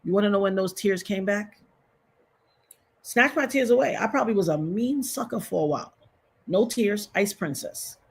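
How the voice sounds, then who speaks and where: A woman's voice: mid-range voice, moderate pace, breathy edge. A woman in her fifties hosting a casual livestream, telling a personal story in an emotional, repetitive way and talking straight to her viewers. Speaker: livestream host.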